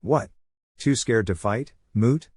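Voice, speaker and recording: A man's voice: medium pitch, slow, darkish tone, breathy edge, dry recording, studio quality. A man reading the lines of a cocky, boastful teenage ninja boy in a story. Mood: taunting. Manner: boastful, taunting.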